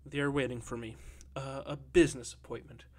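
Casting: man playing a worn-out, anxious middle-aged Russian gentleman, soft and hesitant, storybook reading. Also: mid-range voice, fairly even intonation, a little fast, lightly acted.

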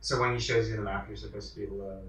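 A man hosts a laid-back chat while they play a video game, joking and trailing off with fillers. His voice sits low but sounds bright. It is recorded from some distance, with room echo around it. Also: level tone, racing. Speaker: host. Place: indoors at home in an apartment.

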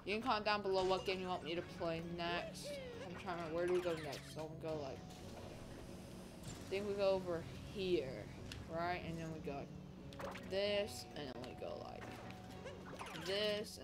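A woman hosting a gaming channel, chatting casually through a speedrun race with lots of "like" and sudden excited outbursts. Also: lowish voice, moderate pace, long pauses, very noisy. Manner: rambling, filler-heavy, excitable outbursts. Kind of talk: casual gameplay commentary. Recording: game music playing loudly behind. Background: game music.

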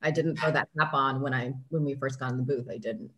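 Low-voiced woman voice actor on a panel. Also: steady tone, fast, a bit bright. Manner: earnest, explains her craft. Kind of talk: casual panel talk.

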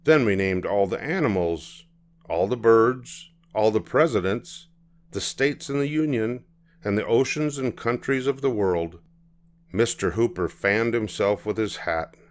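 Older guy reading a kids' book, lowish voice, slow and sing-songy. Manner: gentle and expressive. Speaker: storybook reader. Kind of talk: storybook reading.

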